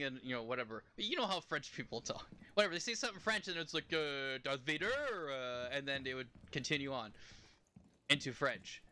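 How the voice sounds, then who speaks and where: Young man, game streamer, casual rambling chat, laughs a lot, bright tone, faint background hiss. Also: mid-range voice. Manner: rambling, chatty, laughs often. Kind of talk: casual live-stream chat while playing.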